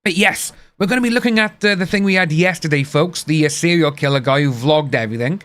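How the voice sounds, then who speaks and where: A man's voice: on the high side, quick pace, a bit bright. A man chatting casually on a live stream, rambling and replying to his chat. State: hiccups. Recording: faint music behind.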